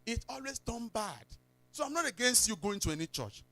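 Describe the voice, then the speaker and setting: A man with a Nigerian accent preaching a sermon in church, telling stories, slipping into pidgin and breaking into sudden shouts. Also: very high-pitched, big pitch swings, brisk, dry recording. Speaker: pastor.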